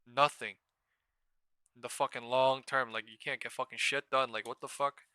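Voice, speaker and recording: A man's voice: mid-range voice, steady tone, bright, forceful tone, smooth, no room sound. Profane ranting man streaming live trades. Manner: profane, ranting, fast and emphatic.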